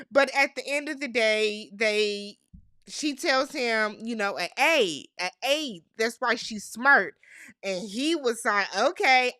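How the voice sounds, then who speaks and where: Young American woman, casual recap host, high-ish bright voice, dry close sound. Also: no room sound. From United States. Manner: chatty, animated, slangy, mimics cast members' lines. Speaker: recap vlogger.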